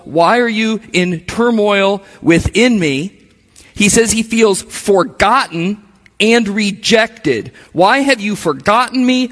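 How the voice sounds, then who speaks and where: A male pastor's high, slightly bright voice carries a sermon in a relaxed, conversational style, with asides directed at the congregation. The sound rings with a long reverb, suggesting a large hall.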